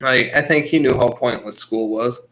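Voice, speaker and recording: A man's voice: mid-range voice, normal speed, bright, forceful tone. Blunt, profane man telling a story. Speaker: podcast co-host. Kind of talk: casual storytelling chat.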